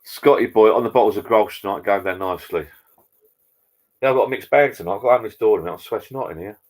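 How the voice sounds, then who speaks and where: A fast-talking man with a fairly low voice hosts a casual live chat from his garden bar, using a laptop microphone. He rambles and greets viewers by name.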